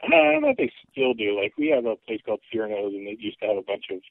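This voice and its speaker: A man's voice: lowish voice, wildly swooping pitch, fast, vocal fry, dry recording. A man from Alaska, a guest on a podcast, chatting in an easygoing, hesitant way with many ums. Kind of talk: casual conversation. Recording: phone-line call audio.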